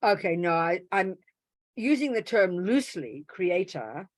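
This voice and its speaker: A woman teaching Buddhist philosophy to a live class, animated, swinging from loud emphatic bursts to soft asides and acting out little quoted voices. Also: fairly low pitch, measured pace, dry recording. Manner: acts out little quoted voices to make a point. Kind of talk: dharma talk to a live class.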